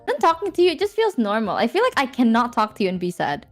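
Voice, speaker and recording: A woman from Indonesia, a fellow streamer on a call, excitable and quick to swear and laugh, reading out a heartfelt farewell letter. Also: a little high, soft background music.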